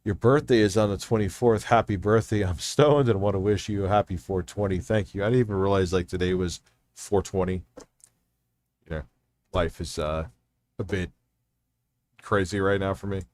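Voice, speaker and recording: Loud middle-aged male streamer; casual swearing commentary, dead-dry desk mic. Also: low voice, normal speed, long pauses, no room sound. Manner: loud, animated, swearing freely. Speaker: streamer reacting to videos.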